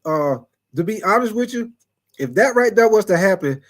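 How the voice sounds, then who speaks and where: A fairly high-pitched man hosts a live sports show, talking loosely to his chat. He swings between hyped-up bursts and low, drawn-out asides, repeats himself a lot, and laughs easily. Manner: animated, repetitive, laughs often, calls chatters by name. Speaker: sports talk livestream host. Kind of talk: casual live chat reading super chats.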